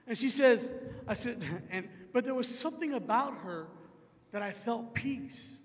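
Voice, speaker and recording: A man preaching in an unusually high voice, telling his story at an unhurried pace. He animates the conversations as he retells them, and his voice rings with a long hall reverb. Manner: animated, acts out both sides of conversations. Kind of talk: sermon storytelling.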